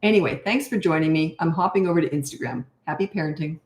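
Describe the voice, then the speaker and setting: Quick and low, with a slightly mellow tone, an older woman from Canada chats on a live stream about parenting, which she coaches. She rambles through stories with frequent laughter, and the recording carries a roomy echo.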